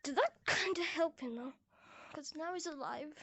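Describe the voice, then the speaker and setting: A woman's voice: sits high, moderate pace, fairly bright tone, dry recording. A woman chatting playfully and goofing around while recording casual commentary over a VR game. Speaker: gameplay video maker.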